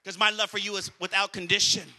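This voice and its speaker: Speaking fast with little pitch movement, a male pastor preaches in a large hall. His voice is high, very bright and piercing, and he delivers the sermon emphatically, repeating phrases and calling out to the congregation.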